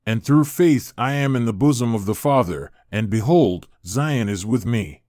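A man reading the part of a weeping male prophet, pleading earnestly and solemnly. The voice is mid-pitched, dry and close. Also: lively intonation, moderate pace, mellow, dry recording, lightly acted.

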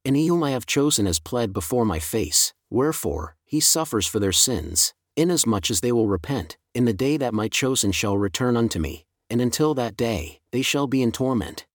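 A man voicing God, an eternal male deity who speaks with stern grief in a solemn, measured scripture reading. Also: mid-range voice, animated, no room sound, studio quality, lightly acted.

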